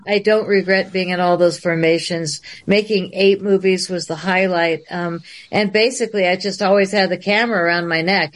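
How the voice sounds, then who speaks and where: A woman guest on a livestream interview, telling a long story in an animated way and laughing often. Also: on the low side.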